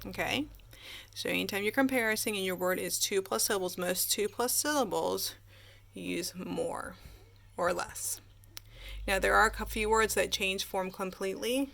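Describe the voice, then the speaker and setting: A woman's voice: medium pitch, vocal fry, bright, forceful tone. A woman teacher giving a chatty grammar lesson, asking her class questions and answering them herself.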